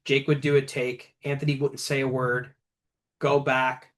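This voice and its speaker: A man's voice: mid-range voice, little pitch movement, unhurried. A man from the United States, a guitarist in a guest band, chatting casually in an interview and acting out quotes in a raised voice as he tells stories.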